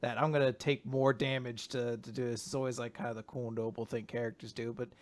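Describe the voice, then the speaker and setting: A man's voice: mid-range voice, flat delivery, fairly quick. A man co-hosting a podcast, chatting enthusiastically and rambling with lots of fillers. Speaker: podcast co-host. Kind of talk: casual discussion.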